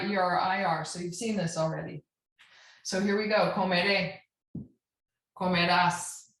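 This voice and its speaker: A woman whose voice sits on the low side, with a fairly bright tone, teaches Spanish grammar in a classroom that echoes. She walks through the verb endings patiently, stopping frequently to check understanding.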